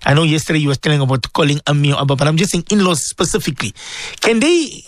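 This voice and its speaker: A man's voice: fairly high pitch, lively intonation, very fast, no room sound. A man hosting a call-in radio show, reading out listener questions and affirming the guest often. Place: radio studio.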